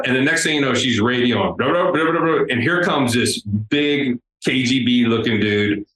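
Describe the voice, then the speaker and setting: A man, a guest on an interview, telling a travel story in a casual, animated way. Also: medium pitch, normal speed. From United States. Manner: animated, acts out the people in his story. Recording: roomy with faint background noise.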